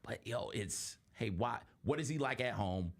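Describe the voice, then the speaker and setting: His mid-range voice is gravelly, with lively intonation and a moderate pace. A young adult host of a casual sports talk show, he tells earnest stories and acts out the people he's quoting.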